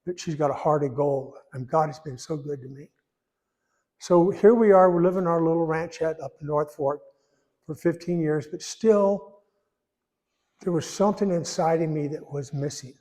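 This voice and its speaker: A man in his eighties giving a personal testimony in church, rambling and folksy, pausing when emotional. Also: on the high side, warm tone. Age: 80s. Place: church sanctuary. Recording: echoey church hall.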